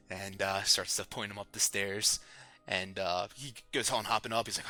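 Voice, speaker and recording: A man's voice: on the low side, normal speed, faint music behind. Laid-back male game master. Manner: relaxed, hesitant, many fillers. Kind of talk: narrating a tabletop game.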